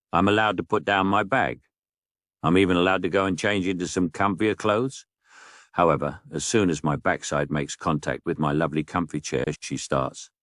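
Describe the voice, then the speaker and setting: A middle-aged man, telling a comic story in a dry, wry, deadpan way with mock-indignant asides. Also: low voice, no echo. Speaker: narrator.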